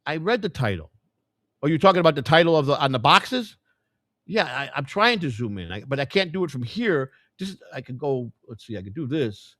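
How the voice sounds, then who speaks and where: A man hosting a live stream, rambling and swearing as he thinks out loud to his chat. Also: medium pitch, sing-song, fairly quick, dry recording, clean studio sound. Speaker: livestream host. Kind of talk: casual live-stream commentary.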